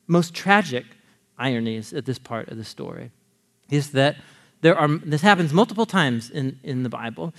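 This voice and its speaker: A male preacher teaching a Bible story in a lively way, laughing often and acting out the characters' lines. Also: high-pitched. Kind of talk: animated sermon teaching.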